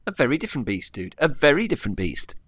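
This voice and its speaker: A man's voice: mid-range voice, sing-song, quick pace, a bit bright, dry recording. A man co-hosting a casual film review chat, talking loosely with frequent laughs and restarted sentences. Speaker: podcast co-host.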